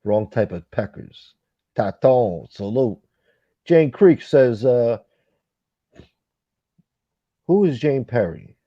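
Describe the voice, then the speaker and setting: A man's voice: medium pitch, lively intonation, slow, no room sound. Blunt rambling New man, dull mic. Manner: blunt, rambling, swears freely, mimics others. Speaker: livestream host. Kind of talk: casual livestream chat reading comments.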